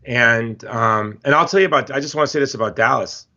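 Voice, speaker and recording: A man from Hawaii, a guest in a casual interview, talking in an emphatic, animated storytelling way. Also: medium pitch, a little fast. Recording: slightly dull lo-fi audio.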